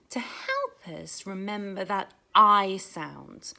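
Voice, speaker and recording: A woman leads a phonics lesson for small children, stretching out each sound in a sing-song, exaggerated way. Her voice is bright and clear, with a pitch that leaps up and down a great deal. She speaks slowly and patiently, dwelling on every letter. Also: sing-song. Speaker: teacher.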